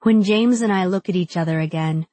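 Low-voiced woman narrating an audiobook. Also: a little fast, warm tone, dry recording. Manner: intimate, reflective. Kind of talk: first-person audiobook narration.

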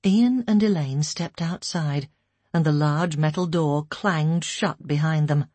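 A woman reading a story aloud in slow, somber scripted narration. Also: low-pitched, a little mellow, breathy edge, no room sound. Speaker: audiobook narrator.

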